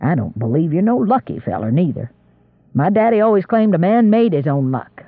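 Man putting on an older squire, drawl, gruff, dry, deep, lively pitch. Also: fairly quick, no echo, phone-quality sound, exaggerated voice.

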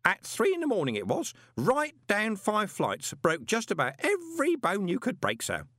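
A quavering old postal worker. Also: male voice, high voice, wildly swooping pitch, normal speed, a bit bright, dry recording, studio quality, pitched above the performer's own voice, full character voice. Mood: babbling. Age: older. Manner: babbling, quavering.

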